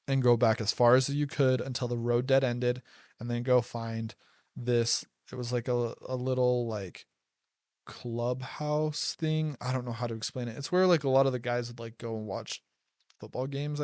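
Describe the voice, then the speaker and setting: A man's voice: mid-range voice, darkish tone, dry recording, clean studio sound. Young man rambling through a story. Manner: rambling, lots of "like" and restarts. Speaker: podcast host telling personal stories. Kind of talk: casual first-person storytelling.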